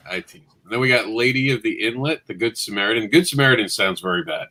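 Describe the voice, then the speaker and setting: A man hosting a casual chat, joking and excitable, quick to mock himself. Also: on the low side, slight background noise. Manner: joking, excitable, self-mocking. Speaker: host.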